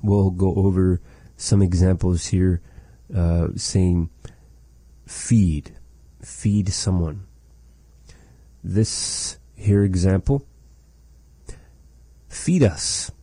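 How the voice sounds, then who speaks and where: A man teaching a language lesson, slowly and patiently saying phrases and explaining what they mean. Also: deep voice, mellow, husky, dry recording. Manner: repeats phrases slowly and explains them carefully.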